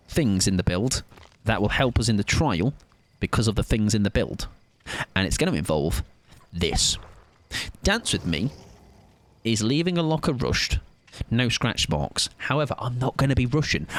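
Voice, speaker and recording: A tired young man rambling playfully and mocking himself while he comments on a game he is playing live. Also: medium pitch. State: tired, sleep-deprived. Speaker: streamer.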